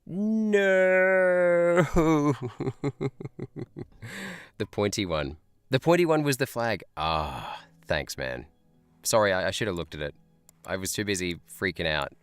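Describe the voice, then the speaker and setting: A teacher plays a guessing game on a live stream, thinking aloud in a chatty way and laughing a lot. His voice is low, smooth and a bit bright, at a normal speed, with no room sound and faint music in the background.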